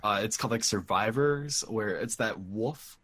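Chill low-voiced guy on a podcast, hunts for words, slows down to explain stuff. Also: a bit bright, a little hiss or hum. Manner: laid-back, hunting for words, slow when explaining. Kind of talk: casual podcast chat.

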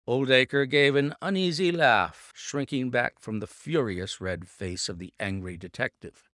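A man reading a classic detective story aloud in a measured, theatrical manner. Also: mid-range voice, fairly bright tone, no room sound, clean studio sound. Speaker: audiobook reader. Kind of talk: scripted narration.

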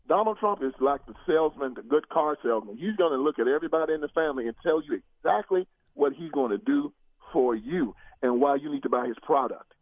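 An older man talking politics as a guest, preacherly and emphatic, his pitch rising in big sweeps as he presses each point. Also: no echo. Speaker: guest commentator. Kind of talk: political talk show conversation. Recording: tinny phone line.

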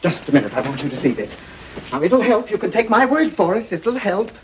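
A man's voice: high-pitched, very animated, fairly quick, lo-fi sound, a little hiss or hum. An actor playing a fussy, exasperated male makeup stylist in a 1930s film comedy.

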